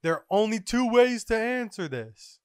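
A man voicing an apologetic male genius scientist who speaks in a measured, formal way. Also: sits high, sing-song, darkish tone, smooth, no echo, clean studio sound, pitched above the performer's own voice. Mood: regretful.

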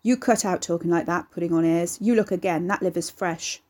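A woman doing a gruff, sneering old country father. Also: fairly quick, darkish tone, lightly acted. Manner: rumbling, contemptuous.

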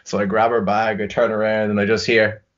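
A man's voice: lowish voice, little pitch movement, fairly quick. A young Irish man telling a rambling, sweary story in casual chat. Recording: dull lo-fi recording.

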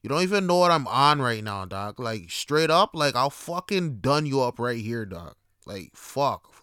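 A man's voice: mid-range voice, sing-song, a little slow, bright, forceful tone, smooth, dry recording, studio quality. A man voicing a threatening young male street tough with a Toronto accent, who speaks in clipped, slangy threats. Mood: menacing.

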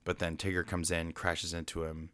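A man's voice: low voice, monotone, moderate pace, bright, forceful tone, clear, resonant tone, dry recording. A man casually recapping a cartoon film, rambling along with many fillers and restarts. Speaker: film reviewer.

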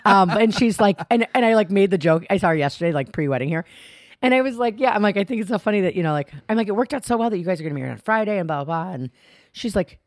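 A woman's voice: mid-range voice, animated, fast, no echo. A young woman co-hosting a podcast in casual chat, rambling and laughing often, restarting her sentences mid-thought. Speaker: podcast co-host.

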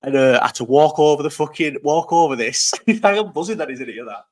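A man's voice: a little high, fairly quick. A man, hosting a casual live chat stream from home, telling rambling stories full of swearing and laughter into a partly covered desk mic. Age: 30s.

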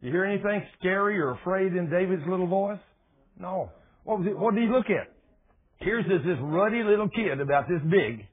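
A man preaching a sermon in a folksy, animated storytelling manner. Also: sits high, moderate pace, breathy edge. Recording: tinny phone-like radio broadcast.

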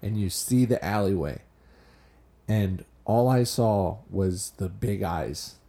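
A man's voice: on the low side, slow pace, warm tone. A man co-hosting a podcast, talking casually and reflectively about a movie. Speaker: podcast co-host.

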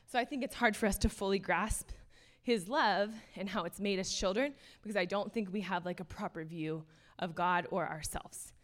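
A woman's voice: mid-range voice, normal speed. A young adult woman giving an earnest, casual sermon, full of fillers and passing laughs. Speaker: speaker.

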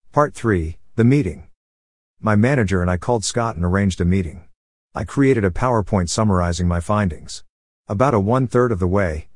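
A man's voice: on the low side, a little mellow, no room sound, studio quality. A man narrating a forum revenge story in a wry, blunt, profane manner.

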